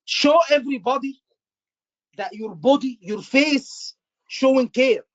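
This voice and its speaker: A man teaching an exam class live, animated and repetitive, acting out doctor lines for his students. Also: very high voice, measured pace. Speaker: exam tutor. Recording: muffled lo-fi class recording.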